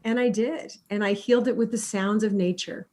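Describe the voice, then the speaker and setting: A middle-aged woman music therapist answering interview questions in an animated, storytelling way, acting out little quotes. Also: mid-range voice, normal speed.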